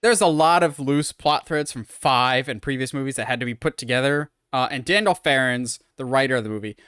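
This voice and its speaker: A man's voice: medium pitch, a little fast, fairly bright tone, clean tone, no room sound, clean studio sound. A man co-hosting a podcast, rambling through an opinionated film breakdown in casual chat. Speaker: podcast co-host.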